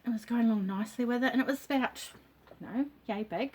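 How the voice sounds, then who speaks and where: A woman's voice: a little high, quick pace, a little mellow, breathy edge. A middle-aged woman chatting casually to camera about her crafts from her home, rambling with lots of ums and the odd cough. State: coughing now and then. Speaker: crafting vlogger. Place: home dining nook.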